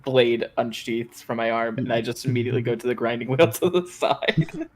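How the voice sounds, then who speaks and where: A man's voice: mid-range voice, steady tone, moderate pace, darkish tone. A man playing in a tabletop game, talking casually and eagerly. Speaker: player. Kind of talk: tabletop role-play chat.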